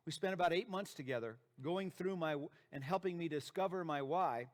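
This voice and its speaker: A man's voice: on the high side, expressive, brisk, few pauses. A man with a slightly raised voice delivering a motivational presentation. He speaks emphatically and leans on repetition to drive his points home. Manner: emphatic, repeats key phrases for effect. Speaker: dentist and practice founder giving a talk.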